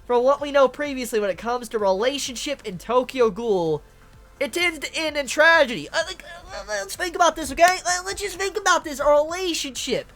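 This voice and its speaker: A woman's voice: high voice, lively intonation, normal speed, fairly bright tone, soft background music. A young woman giving casual manga commentary, emphatic and repetitive, swearing often. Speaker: manga reviewer.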